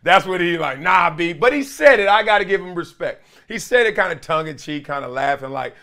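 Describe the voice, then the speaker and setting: A middle-aged man hosting an animated sports talk show, playful, with quick asides and impressions. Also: high voice, creaky. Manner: lively, playful, drops into quick impressions and chants. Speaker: host.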